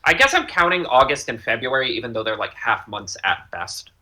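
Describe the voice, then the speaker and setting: A man co-hosting a casual chat podcast, riffing and rambling with a jokey, offhand manner. His voice is very bright and forward. His pitch swings widely as he talks. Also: big pitch swings, brisk. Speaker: podcast co-host.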